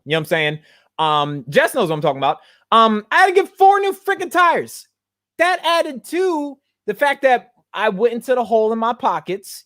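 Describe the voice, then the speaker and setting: A man's voice: on the high side, no echo, clean studio sound. Blunt, slangy male podcast host. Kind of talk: casual monologue.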